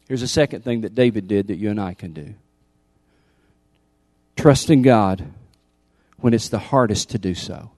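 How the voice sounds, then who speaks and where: A man preaching a sermon as pastor, emphatic, repeating key lines and swinging from loud appeals to hushed intensity. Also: on the low side, moderate pace, long pauses, no room sound.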